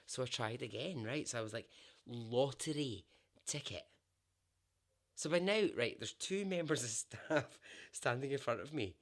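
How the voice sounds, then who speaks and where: Lively Scottish man telling a story. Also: mid-range voice, moderate pace. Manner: animated, laughs often, swears. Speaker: podcast host and storyteller. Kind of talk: casual spoken storytelling.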